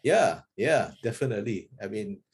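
A Singaporean man hosting a podcast, chatting casually with a halting, restarting delivery. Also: on the low side, sing-song, slightly rough. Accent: Singaporean English. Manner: halting, many restarts and laughs. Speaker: podcast host. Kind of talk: casual chat.

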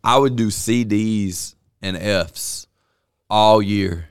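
A man talking candidly on a podcast, animated and swearing freely. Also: on the low side, very slow, clear, resonant tone, no room sound, studio quality. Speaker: podcast host. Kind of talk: casual podcast chat.

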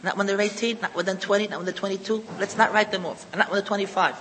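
High, bright-voiced man lecturing. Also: steady tone, very fast, long reverb tail, a little hiss or hum, low-quality recording. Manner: emphatic, repeats key phrases, mixes in Hebrew and Yiddish terms. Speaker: religious lecturer. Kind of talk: lecture to an audience.

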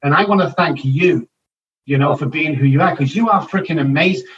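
A man's voice: on the high side, a little fast, fairly bright tone. Brief: older man, blunt and profane motivational guest, dull distant remote audio. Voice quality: blunt, swears freely, motivational. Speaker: addiction counselor and author, guest. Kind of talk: casual podcast interview.

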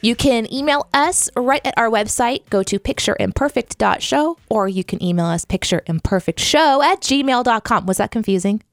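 A chatty woman co-host with a fairly high, bright-sounding voice tells stories in a relaxed, upbeat way. She talks like a radio professional. The sound is dry and close, from a small home studio. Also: normal speed, few pauses, no room sound. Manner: chatty, upbeat storyteller who laughs easily. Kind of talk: casual podcast chat.

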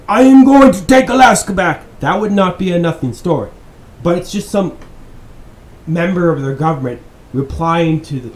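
Man with a somewhat high voice, ranting and swearing through news commentary, recorded in an echoey room with faint background hiss. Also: darkish tone. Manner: profane, exasperated and sarcastic. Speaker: podcast host.

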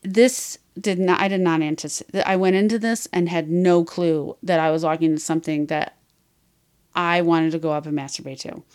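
A woman's voice: fairly low pitch, steady tone, moderate pace, a little mellow, clear, resonant tone. A woman podcast host in casual chat, retelling a story in a frank, rambling way with many fillers.

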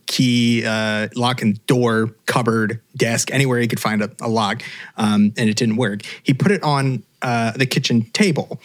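A man co-hosting a casual podcast, recounting a case in a loose way full of fillers. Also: medium pitch. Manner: relaxed, many fillers like uh and um. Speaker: podcast co-host telling the case. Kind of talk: casual storytelling chat.

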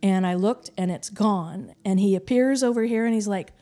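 Mellow-voiced woman telling her story. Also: medium pitch, moderate pace. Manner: animated storyteller, frequent "like" and "um". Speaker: interview guest. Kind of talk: recounting a personal encounter.

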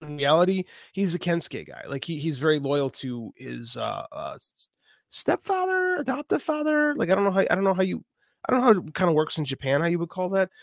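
A man co-hosting a podcast, talking casually about wrestling in an animated way, catching and correcting himself and swearing now and then. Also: on the high side, a little fast, gravelly, no echo, studio quality. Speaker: podcast co-host.

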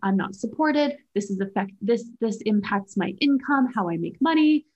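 Chatty, animated woman co-host. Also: on the high side, normal speed, lo-fi sound. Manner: animated, chatty, swears freely. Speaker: podcast co-host and coach. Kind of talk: casual chat. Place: lives in Germany.

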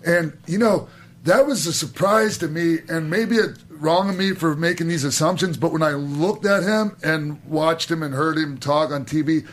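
A man with a somewhat high voice leads the interview. He circles into his questions with plenty of fillers, false starts and restarts before landing them. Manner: halting, many restarts and fillers. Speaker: podcast host and interviewer.

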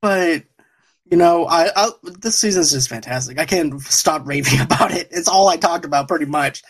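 A man's voice: fairly high pitch, normal speed, husky. A man hosting a podcast, reviewing a TV show in casual chat, rambling and laughing often. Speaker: podcast host.

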